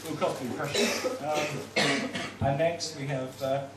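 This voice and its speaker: A young man compering stand-up comedy in a deadpan, halting way, full of fillers. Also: a little high, recorded from a distance. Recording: echoey bar heard from afar, noisy.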